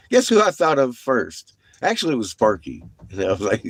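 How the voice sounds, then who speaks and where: A man's voice: mid-range voice, huge pitch swings, fairly quick, hardly any pauses, dry recording. A man livestreaming from his vehicle, chatting casually with viewers, laughing often and swearing freely.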